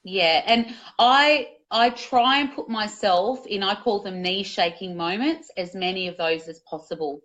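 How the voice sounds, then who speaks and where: A woman's voice: medium pitch, unhurried, few pauses, fairly bright tone. A woman, a guest in a conversational interview, talking candidly and energetically about speaking, with casual swearing.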